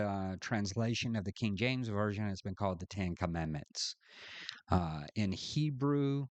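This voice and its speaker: Male Bible teacher, lowish voice, reads verses with weight. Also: no echo. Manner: slow, deliberate, reads scripture aloud with emphasis. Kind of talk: scripture study lesson.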